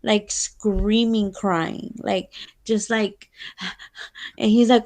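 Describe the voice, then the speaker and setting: Slow, gravelly Latina podcast co-host. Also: female voice, medium pitch, steady tone, a little mellow. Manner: candid, profane, switches into Spanish. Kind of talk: casual chat.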